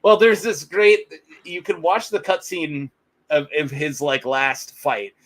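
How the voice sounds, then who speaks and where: A man's voice: a little high, fairly even intonation, slow, a bit bright, poor audio. A man co-hosting a podcast, chatting casually, rambling with frequent laughter. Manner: rambling, laughs often, quotes characters in playful voices. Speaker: podcast co-host. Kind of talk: casual chat.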